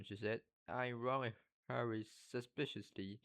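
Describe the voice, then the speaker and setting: Man learner reading a novel aloud: low voice, halting, trips over and repeats words. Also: fairly bright tone.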